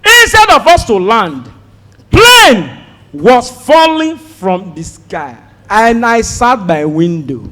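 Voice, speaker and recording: A Nigerian man performing a stand-up comedy set, telling a story and acting out shouted prayers. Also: very high-pitched, huge pitch swings, slow pace. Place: comedy stage before a live audience. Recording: live show with crowd audible.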